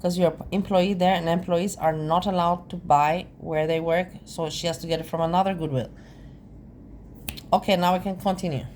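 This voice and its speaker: A lower-pitched woman who is not a native English speaker talks over a clip she is reacting to. She is wry and laughs often, and she slows down to explain. Faint ambient noise sits under her voice. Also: fairly even intonation, a little mellow. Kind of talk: casual reaction commentary.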